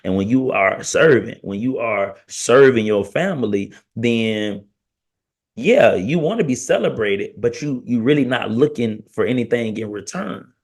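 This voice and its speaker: A man in his thirties hosting a podcast, talking casually and preaching to fathers, with an animated storytelling manner. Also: medium pitch, measured pace. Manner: animated storyteller, acts out family quotes in raised voice. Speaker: podcast host.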